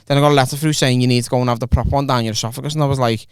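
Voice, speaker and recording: A man's voice: mid-range voice, racing, clear, resonant tone, no echo, clean studio sound. A young adult man hosting a podcast, telling a rambling, profane story in casual chat. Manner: rambling, profane, animated anecdote. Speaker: podcast host.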